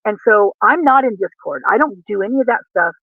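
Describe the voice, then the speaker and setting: A man's voice: high voice, lively intonation, brisk, dry recording. A man in casual chat as a livestream guest, talking earnestly in a rambling, self-correcting way. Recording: tinny dry call audio.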